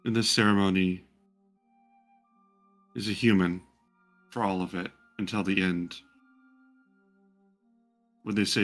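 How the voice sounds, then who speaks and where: A man narrating as game master for a tabletop game in a relaxed, rambling way. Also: deep voice, slow, pauses often, soft background music.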